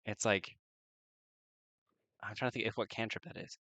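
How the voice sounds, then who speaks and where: A man with a very low voice plays a character at a tabletop game. He chats loosely, thinks out loud, and laughs easily, and his voice sounds dry and close. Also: steady tone, normal speed, dry recording, dull audio. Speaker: player. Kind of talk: casual tabletop role-play chat.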